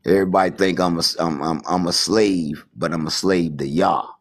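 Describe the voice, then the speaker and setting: Over a remote call, a man with a D.C. accent delivers a rambling, preachy spiritual monologue, repeating himself and frequently tossing in "you understand." His voice is low and husky, his tone steady, his pace moderate.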